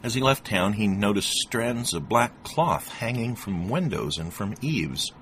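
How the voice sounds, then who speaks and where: A man narrating a fable in an expressive storytelling read-aloud. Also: fairly low pitch, a little slow, slight background noise. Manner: expressive, animated reading. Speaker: narrator reading an article.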